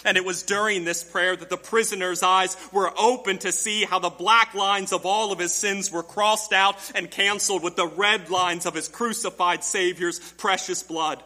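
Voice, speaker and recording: A man's voice: sits high, steady tone, moderate pace, hardly any pauses, pushed and bright, big-room sound. A man preaching a sermon to his congregation, emphatic, with rhetorical questions and direct address to the church. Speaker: pastor.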